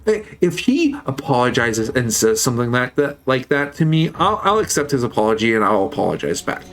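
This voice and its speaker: A man's voice: medium pitch, sing-song, a little fast, a bit bright. A man in a mid-range voice tells a story to his stream in a loose, casual way. He swears freely and gets heated as he retells it.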